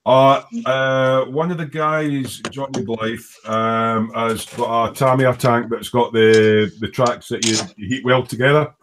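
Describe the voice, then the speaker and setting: A man's voice: medium pitch, flat delivery, measured pace, hardly any pauses, fairly bright tone, slight background noise. A Scottish man hosting a casual online model-building chat, talking with lots of fillers and restarts. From Scotland. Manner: hesitant, many fillers and restarts. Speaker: host of a model-building live stream.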